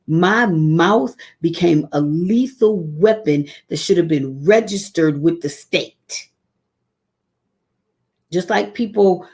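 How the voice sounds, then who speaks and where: Woman, low-pitched with a gravelly edge, earnest testimony-style devotional on a live stream. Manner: earnest, personal, drawn-out emphatic phrases; emotional, close to tears. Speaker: devotional speaker.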